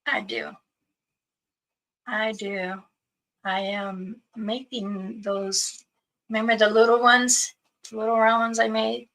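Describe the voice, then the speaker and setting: A woman hosts a casual livestream, greeting her viewers and rambling through everyday stories. Her voice has a gravelly edge with a bright, forward tone. She talks in a loose, chatty way. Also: fairly high pitch, steady tone, takes it slowly, pauses often, poor audio. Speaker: livestream host.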